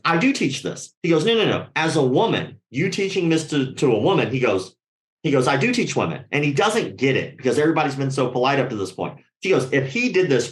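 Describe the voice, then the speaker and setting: Here a man with a slightly high voice tells a story in a roomy-sounding space. He keeps it casual and lively, swears constantly, and does voices for the people he quotes.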